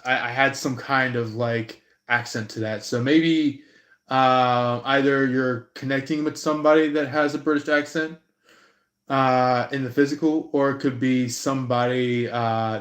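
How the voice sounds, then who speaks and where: A man speaks slowly on a live-stream reading, groping for words and filling gaps with "um" and "like." His voice is mid-pitched and sits in a roomy, echoey space. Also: a bit bright. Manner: slow, halting, many fillers. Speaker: tarot reader.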